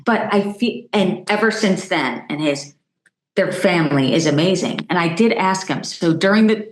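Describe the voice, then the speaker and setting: A woman's voice: low voice, roomy sound. A middle-aged woman, a journalist guest on a podcast, telling stories animatedly and acting out what others said. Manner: animated storytelling, acts out quoted voices. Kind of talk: conversational podcast interview.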